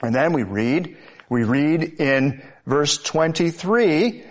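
A man's voice: fairly high pitch, lively intonation, takes it slowly. A male pastor preaching a sermon, reading scripture and driving points home with emphatic repetition.

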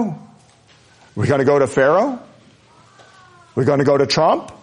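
A pastor preaching a sermon, earnest and emphatic, driving points home with repeated phrases. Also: male voice, on the high side, very animated, moderate pace, pauses often, husky.

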